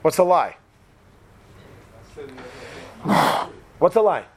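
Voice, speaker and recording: A man's voice: high voice, sing-song, drawn-out words. A middle-aged man lecturing a live audience, telling personal stories, joking and putting questions to the listeners. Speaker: speaker addressing an audience.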